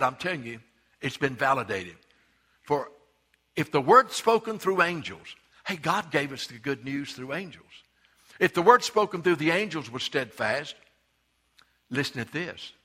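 A man preaching a sermon, emphatic, repeating words for stress and swinging between loud and hushed delivery. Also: on the high side. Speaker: pastor.

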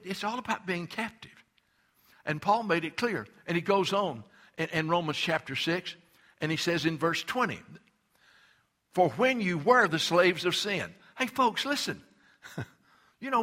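An older male pastor delivers a fervent sermon. His voice sits a little high and rings bright. He stammers on restarts and leans hard into the words he wants to land.

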